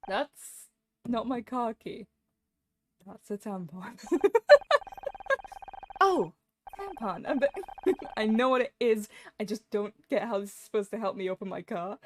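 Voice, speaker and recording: A woman's voice: fairly high pitch, lively intonation, takes it slowly, pauses often, slight background noise. A woman streaming a game, chatting casually, reading its dialogue aloud and laughing often. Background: game music.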